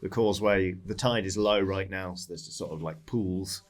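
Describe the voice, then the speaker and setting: A man's voice: low voice, normal speed. A man running a tabletop game as dungeon master, narrating in a loose, descriptive way with fillers and sound effects.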